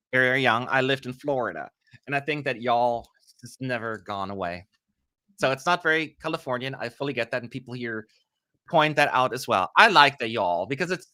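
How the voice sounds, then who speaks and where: In casual stream commentary, a man from Germany talks freely, jokes at his own expense, and answers viewer questions he reads aloud, with a dry sarcastic edge. The medium-pitched voice sounds sharp and echo-free.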